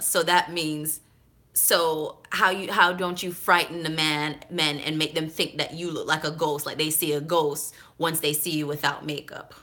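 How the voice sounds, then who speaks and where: A woman's voice: low-pitched, flat delivery, measured pace, sharp tone. A woman hosting a casual vlog, giving candid, chatty, off-the-cuff talk about dating. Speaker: host.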